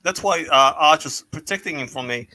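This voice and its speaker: Very bright teasing man on a chat show. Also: fairly high pitch, brisk. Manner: teasing, joking. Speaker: show regular. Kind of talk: casual group chat.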